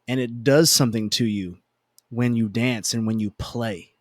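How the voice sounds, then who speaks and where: A man telling a personal story in a casual conversation, animated and self-deprecating, with emphatic repetition. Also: mid-range voice, moderate pace, no echo, studio quality. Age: adult parent.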